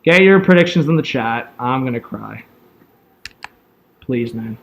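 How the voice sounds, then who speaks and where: A young man calling a hockey game as an excitable fan streamer, yelling at big plays and chatting with viewers. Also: mid-range voice, a little slow, creaky. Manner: yells and laughs at big plays, chats with viewers. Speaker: fan streamer doing live play-by-play. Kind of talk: excitable fan play-by-play commentary.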